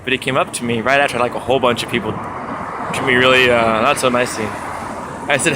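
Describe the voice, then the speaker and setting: An upbeat young man vlogs on a foggy city street, chatty and animated as he retells his day. His voice sits in an ordinary middle range. City traffic and street noise clearly fill the background. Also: medium pitch, quick pace. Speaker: street book distributor. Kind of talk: casual vlog monologue. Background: city traffic and street ambience.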